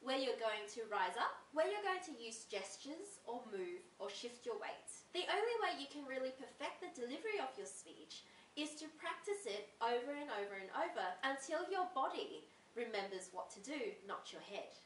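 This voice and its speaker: A young Australian woman teaches in a clear, deliberate way, her high voice rising and falling a lot. She sounds set back from the microphone in a roomy space. A faint hiss runs underneath. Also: sing-song. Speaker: tutor. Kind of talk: instructional video talk. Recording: roomy echo from a distant mic with faint hiss.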